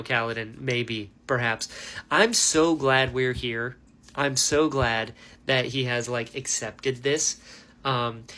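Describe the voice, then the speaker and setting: A man hosting a book reaction video, talking in a casual, chatty way and saying "like" and "dude" a lot. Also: mid-range voice. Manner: animated, chatty, heavy use of "like" and "dude".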